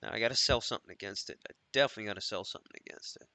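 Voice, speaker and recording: A man's voice: fairly low pitch, rapid-fire, pushed and bright, no echo. A man hosting a live trading stream, thinking aloud and swearing as he mutters to himself.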